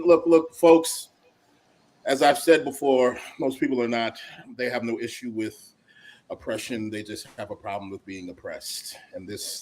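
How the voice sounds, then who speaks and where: A man giving animated, profane commentary as a panelist in a casual chat. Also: medium pitch, rough recording. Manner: animated and profane, with repeated restarts.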